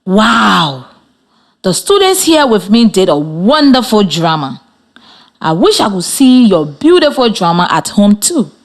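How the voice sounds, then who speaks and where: A woman radio teacher talks slowly and deliberately. Her pitch moves a lot as she encourages young listeners. She gives each instruction one step at a time. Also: sing-song. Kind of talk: radio classroom lesson.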